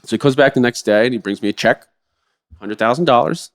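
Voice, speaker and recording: A middle-aged drummer, a guest on a podcast, tells a story in a brisk, casual interview. He acts out the quotes with sudden high-pitched outbursts and swears freely.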